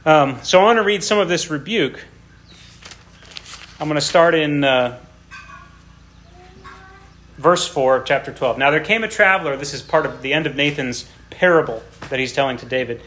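A man's voice: a little high, moderate pace, pauses often, fairly bright tone. Man preaching with rising dramatic emphasis. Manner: reads scripture aloud with rising dramatic emphasis; explains and comments between readings in a plain teaching tone. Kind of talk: sermon with scripture reading.

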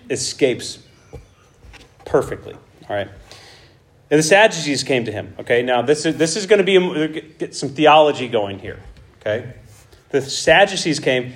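A man preaching a conversational Bible teaching, who acts out the dialogue with animated asides. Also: fairly high pitch.

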